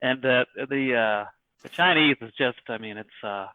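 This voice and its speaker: Casting: male podcast guest, halting and crude, over a thin phone-like line with no room sound. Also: medium pitch, no echo. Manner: halting, many restarts, crude swearing. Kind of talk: casual podcast chat. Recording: dry, phone-like call audio.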